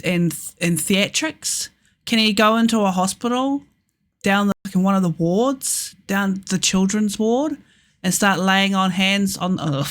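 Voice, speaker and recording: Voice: medium pitch, fairly bright tone. A reaction video host with an Australian accent, commenting bluntly and swearing freely.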